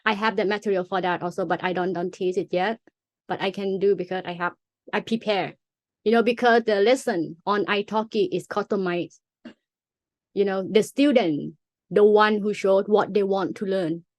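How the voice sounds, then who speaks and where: A woman's voice: medium pitch, fairly even intonation, moderate pace, dry recording. A young woman with a Thai accent, a native Thai speaker, patiently explaining her language as a teacher and sounding out examples. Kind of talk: casual explanatory chat.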